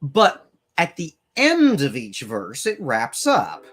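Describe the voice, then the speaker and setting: Co-host with a wry, unhurried delivery and a voice that rises and falls a lot. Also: medium pitch, wildly swooping pitch, a bit bright, slightly rough, soft background music. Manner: wry, profane storytelling. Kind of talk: casual chat.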